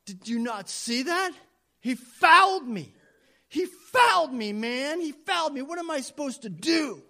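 A man acting out an indignant young jockey who shouts that he was fouled, repeating himself in outrage. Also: very high-pitched, animated, unhurried, pitched above the performer's own voice, heavily acted. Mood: outraged.

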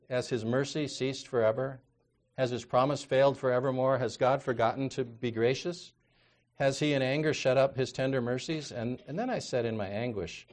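A counselor delivers a conversational sermon in a mid-range voice, reading scripture aloud. He swings from quiet asides to loud, emphatic exhortation.

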